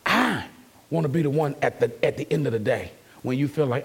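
A man's voice: mid-range voice, brisk, breathy edge. A man preaching an emphatic, conversational sermon as a pastor and calling out to his congregation.

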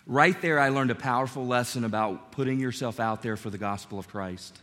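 Male pastor, sermon delivery, conversational and story-driven; bright tone, long reverb of a sanctuary. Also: mid-range voice, fairly quick, few pauses. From North Carolina. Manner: conversational, storytelling, animated asides.

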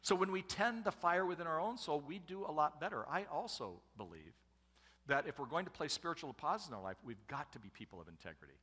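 A man's voice: a little high, expressive, fast talker, sharp tone, big-room sound. A middle-aged man preaching a sermon, conversational and humorous, making asides to the congregation. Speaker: pastor and family speaker.

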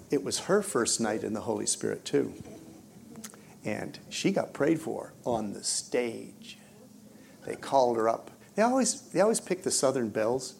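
A man preaching in a church, telling a story in an animated way and swinging from loud excitement to hushed near-whispers. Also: mid-range voice. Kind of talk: storytelling sermon.

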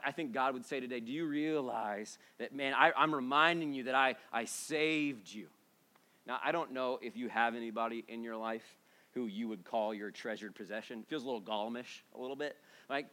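A male pastor in his thirties delivers a sermon with a bright, forceful voice pitched a little high. He talks to the congregation like a friend, then drops low and soft before building to loud, emphatic lines. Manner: conversational and emphatic, swings from hushed to loud.

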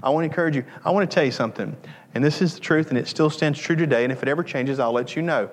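A man's voice: a little high, racing, big-room sound. A male pastor preaching a sermon with earnest, repetitive emphasis and joking asides. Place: church sanctuary.

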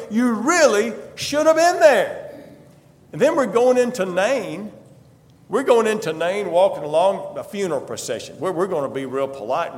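A male preacher telling a Bible story dramatically in the first person, emphatic and repeating a refrain, in a church. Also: sits high. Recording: long hall reverb.

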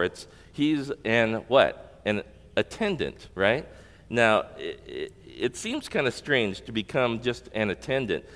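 A male pastor preaching a sermon, teaching and asking the congregation rhetorical questions. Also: fairly low pitch. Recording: long reverb of a large hall.

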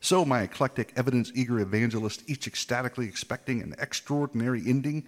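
A man's voice: medium pitch, quick pace, hardly any pauses, big-room sound. A man giving scripted narration with playful, mock-regretful asides and showy alliteration. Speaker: apologetics video narrator.

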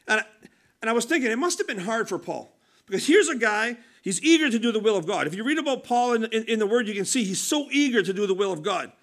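A man's voice: high-pitched, animated, quick pace, fairly bright tone. A man preaching a conversational sermon, earnest and emphatic, often restarting his sentences.

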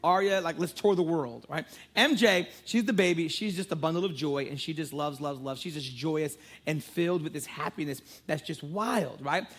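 A man's voice: a little high, normal speed, few pauses, breathy edge. A man in his thirties, a pastor preaching a sermon, praying fervently and telling playful, joking stories about his family. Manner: playful, joking storyteller who prays fervently.

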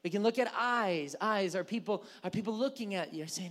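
A man's voice: high-pitched, a little fast. A man preaching a casual, conversational sermon as pastor, acting out little dialogues in changing tones. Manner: animated, acts out little dialogues with shifting tones.

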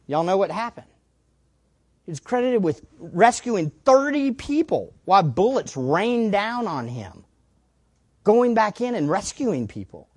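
A woman preaching a sermon, her pitch swinging widely as she drives each point home. She repeats key words for emphasis and throws questions out to the congregation. The sound is close and dry. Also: no echo.

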